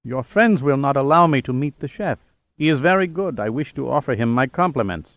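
Man voicing a cold older tycoon, quiet, authoritative, menacing, dull muffled audio. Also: medium pitch, expressive, fairly quick, no echo, lightly acted. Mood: polite. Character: cold, proud older male tycoon captive.

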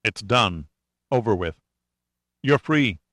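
A man's voice: lowish voice, expressive, slow, fairly bright tone, no echo, exaggerated voice. A man reading the lines of a weary, tough male adventurer in an audiobook, dry and matter-of-fact. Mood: grim.

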